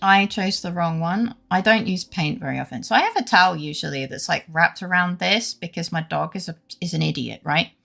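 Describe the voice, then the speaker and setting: Chatty british woman streamer with a gravelly edge. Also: fairly low pitch, a little fast, hardly any pauses, sharp tone. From Britain. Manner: rambling, greets chat often, many fillers and restarts. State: has a headache. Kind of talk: casual live-stream chat.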